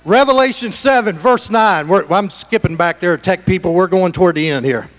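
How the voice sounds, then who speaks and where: A middle-aged man preaching a sermon in a church sanctuary, animated, dropping to hushed asides and rising to shouts. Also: high-pitched, moderate pace. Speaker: pastor.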